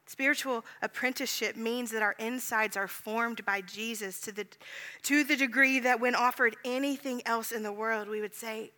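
Woman pastor preaching, bright voice a bit high, long echo like a big church. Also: fairly even intonation, normal speed. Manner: earnest, drops to a hush on tender moments. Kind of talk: sermon storytelling. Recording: long hall reverb.

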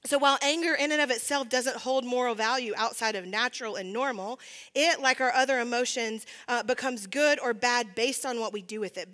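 A woman's voice: a little high, a bit bright. A woman giving a chatty sermon with a personal story to a congregation, with many fillers and laughing at herself. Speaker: preacher.

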